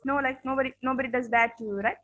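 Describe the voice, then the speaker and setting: A woman's voice: sits high, fairly even intonation, very fast, a bit bright, low-quality recording. A woman teacher giving a classroom lesson on manners, speaking earnestly, repeating her points and checking in with her students.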